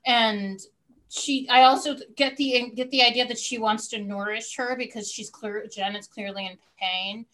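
Woman chatting about tv, bright kinda higher voice, hesitant, lots of ums. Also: steady tone, normal speed, low-quality recording. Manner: thoughtful, hesitant, lots of fillers and apologies. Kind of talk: casual chat recapping reality TV.

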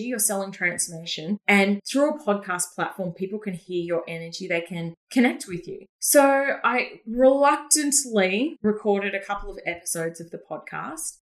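A woman with a Queensland Australian accent, a guest in an interview, telling stories with energy and frequent laughs. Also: mid-range voice. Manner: energetic storyteller who laughs often. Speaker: podcast guest, business coach. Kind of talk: casual interview chat.

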